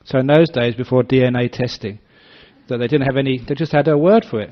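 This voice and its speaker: An older man, a Buddhist monk, giving a dharma talk that is full of storytelling, acting out voices with gentle humor. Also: mid-range voice, fast. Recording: slightly dull lo-fi recording.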